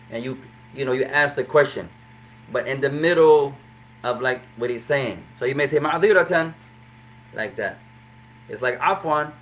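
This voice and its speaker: A man teaching an Arabic class in English, explaining phrases slowly and repeating them. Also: medium pitch, fairly bright tone, slight background noise. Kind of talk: classroom lesson.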